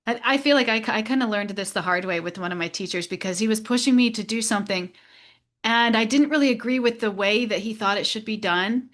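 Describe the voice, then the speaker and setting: A woman hosting a podcast, talking in a reflective and gently encouraging way in a casual spiritual discussion. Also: fairly high pitch. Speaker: podcast host.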